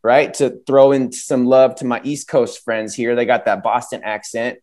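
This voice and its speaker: Male guest educator, energetic storyteller, mid-pitched and punchy. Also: normal speed. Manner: energetic storyteller, acts out quoted voices. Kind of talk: conversational interview answer.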